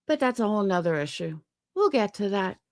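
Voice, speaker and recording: A woman's voice: mid-range voice, very animated, brisk, dry recording. A woman streamer ranting angrily on a live stream, swearing often and firing rhetorical questions. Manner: angry, profane, rhetorical questions.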